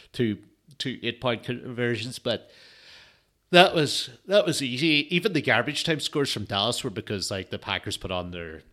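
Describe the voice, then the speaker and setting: Tired, sweary man with a bright low voice. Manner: rambling, sweary, with frequent fillers. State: tired, yawning. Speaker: podcast host. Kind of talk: casual solo sports chat.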